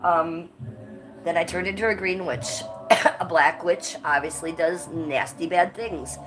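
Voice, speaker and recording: With background noise around her, a woman hosting a casual livestream talks a little slowly in a lowish voice, profane and blunt. She is stuffed up with a cold and keeps coughing between lines.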